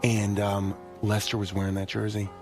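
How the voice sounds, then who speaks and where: A man on a radio show telling a personal story in an earnest, halting way, with many pauses and restarts. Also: fairly low pitch, completely flat delivery, over music. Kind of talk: casual studio talk. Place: radio studio.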